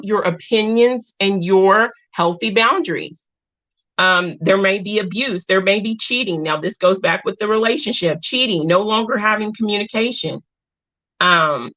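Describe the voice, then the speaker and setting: A woman's voice: mid-range voice, pushed and bright, lo-fi sound. A woman hosting a casual live stream, speaking earnestly and repeating her points, close to tears. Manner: earnest, repeats herself, reads viewer comments.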